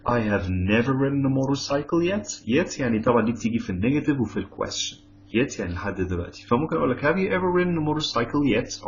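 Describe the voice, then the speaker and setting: A man with an Egyptian Arabic accent teaching English grammar, saying example sentences slowly and explaining quickly in between. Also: lowish voice. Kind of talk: bilingual grammar lesson. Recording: slightly dull lo-fi audio with faint hum.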